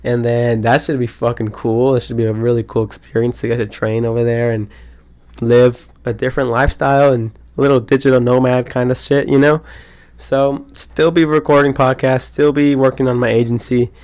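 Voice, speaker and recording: A man around twenty hosting his own podcast, chatting casually in an excitable, rambling way full of slang and swearing. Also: mid-range voice, normal speed. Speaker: podcast host. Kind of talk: casual solo podcast chat.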